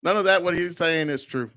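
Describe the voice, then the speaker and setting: A man's voice: on the high side, moderate pace, crowd noise. An American man hosting a live stream with blunt, profane political commentary, laughing often. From United States.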